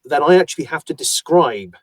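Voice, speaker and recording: A man's voice: fairly high pitch, lively intonation, a little fast, dry recording. A man who narrates audiobooks, talking in an interview in a thoughtful, self-deprecating way as he explains his work at length. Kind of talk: conversational interview.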